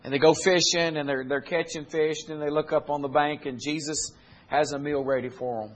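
High-voiced man preaching. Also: fairly even intonation, a little fast. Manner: builds from low storytelling to loud, climbing exhortation; retells scripture in plain folksy speech. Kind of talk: sermon.

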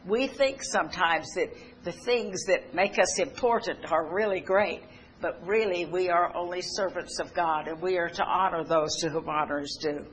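A woman's voice: on the low side, normal speed, slightly rough, poor audio. An older woman giving a sermon-style talk, telling homespun stories in a conversational way with restarts and asides. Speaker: speaker giving a testimony talk. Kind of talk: sermon-style personal storytelling.

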